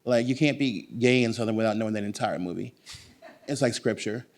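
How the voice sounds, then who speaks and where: A man talking as a guest author at a bookstore event. He is animated and emphatic, and he wanders into long digressions. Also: mid-range voice, fairly quick.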